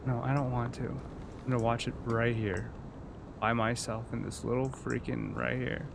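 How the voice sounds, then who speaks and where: A man giving excitable, jokey let's-play commentary as a gaming streamer. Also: medium pitch, moderate pace, gravelly, noisy background.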